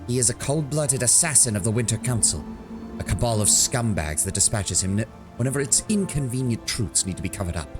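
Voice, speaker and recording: A man's voice: medium pitch, expressive, brisk, music in the background, voice pushed up, close to an everyday voice. A man voicing a fierce female elf warrior in a fantasy game, delivering her accusations in a raised, commanding tone. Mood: accusing. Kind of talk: reading game dialogue aloud.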